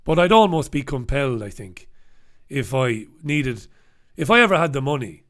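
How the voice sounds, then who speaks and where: A man's voice: medium pitch, very animated, normal speed, fairly bright tone. A man hosting a solo comic newspaper review, rambling and swearing, breaking into snatches of song. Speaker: host.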